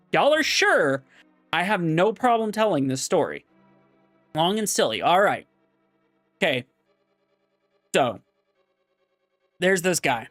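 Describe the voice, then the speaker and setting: A man's voice: on the high side, a bit bright, no room sound. A man telling a long rambling joke in casual, restart-filled chat while gaming. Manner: casual, repetitive restarts, drawn-out storytelling. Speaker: gaming vlogger.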